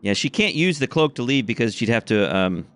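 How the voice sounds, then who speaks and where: A man's voice: mid-range voice, expressive, a little fast, fairly bright tone, smooth. A man running a tabletop game as game master, narrating casually with self-corrections.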